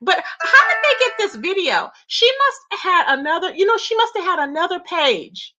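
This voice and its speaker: A chatty woman, her voice high and bright, who talks straight to her viewers in a loose gossip vlog. She loops back over her points and keeps calling them "child" and "y'all". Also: sing-song, moderate pace. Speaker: YouTube commentator.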